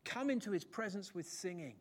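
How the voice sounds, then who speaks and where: A male preacher, delivering a sermon in church. His voice sits high for a man, and he swings his pitch and loudness widely to drive points home. The delivery is animated and jokey. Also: a little fast.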